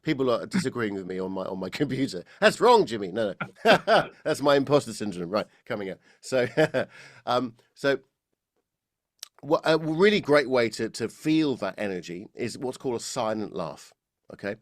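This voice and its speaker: A British man, a voice coach, explaining technique in a relaxed interview, often laughing and restarting his sentences. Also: medium pitch, normal speed, no echo, studio quality. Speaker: voice coach guest.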